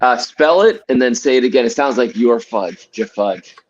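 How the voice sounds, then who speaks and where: Animated male co-host, joking banter, dull lo-fi sound. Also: medium pitch, normal speed. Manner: joking, laughing, lively. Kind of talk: casual chat on a stream.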